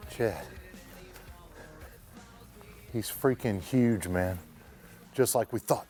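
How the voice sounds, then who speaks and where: Low-voiced man bowhunter in woods. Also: takes it slowly, mellow, faint music behind. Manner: short, plain spoken phrases. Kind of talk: hunting show narration and field talk. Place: outdoors in woods.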